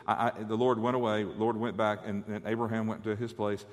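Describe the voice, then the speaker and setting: A man's voice: lowish voice, little pitch movement, brisk, big-room sound. A man preaching a conversational sermon, often repeating words as he stammers.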